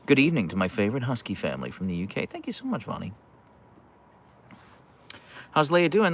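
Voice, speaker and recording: With wildly swooping pitch in a mid-range, slightly rough voice, the man talks fairly quickly but leaves long pauses. He's a dog owner running a relaxed livestream from his couch, reading viewers' comments out loud and joking with them.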